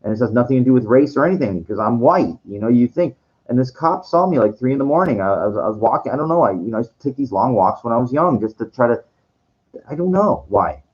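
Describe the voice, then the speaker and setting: A man's voice: medium pitch, lively intonation, quick pace. Rambling man with a dull, lo-fi sound. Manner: rambling, restarts, swears; quoting others in acted voices. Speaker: streamer. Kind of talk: rambling monologue.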